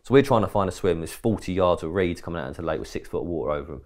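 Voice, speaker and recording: Deep-voiced man telling a rambling story. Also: rapid-fire. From England. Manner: rambling anecdotes, lively quoted dialogue, mild swearing. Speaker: podcast co-host. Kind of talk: casual storytelling chat.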